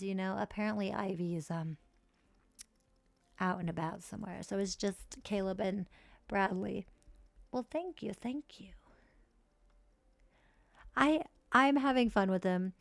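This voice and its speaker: Young woman game streamer, casual and profane; a bit of fry, dry booth-like sound. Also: mid-range voice, no room sound. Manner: chatty, swearing, narrates game characters. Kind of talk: casual gameplay commentary.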